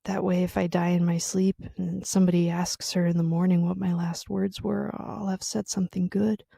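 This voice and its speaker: A woman reading aloud, voicing a wounded man who talks wryly and quietly about his possible last words. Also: lowish voice, level tone, normal speed, creaky, no room sound. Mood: wry, brooding.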